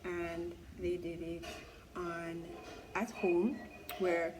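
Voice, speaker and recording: A woman's voice: lowish voice, flat delivery, drawn-out words, background noise. A young woman vlogger telling a gossipy story in casual chat while doing her makeup, with incredulous exclamations.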